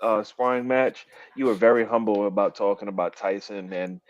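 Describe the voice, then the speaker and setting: A man's voice: fairly low pitch, moderate pace, muffled recording. A man co-hosting a podcast in casual chat, telling stories loosely with fillers and frequent laughs. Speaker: podcast co-host.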